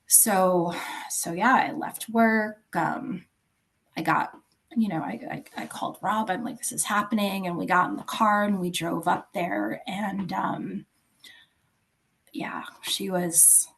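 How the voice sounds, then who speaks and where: Slow, gravelly woman in her fifties. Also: mid-range voice. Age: 50s. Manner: halting, soft, searching for words. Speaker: podcast guest. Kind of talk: personal storytelling in an interview.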